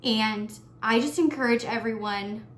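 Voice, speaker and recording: A woman's voice: on the high side, a little slow, a little hiss or hum. Earnest young woman vlogger, echoey room. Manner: earnest, heartfelt, gets emotional. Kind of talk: casual year-end tag vlog.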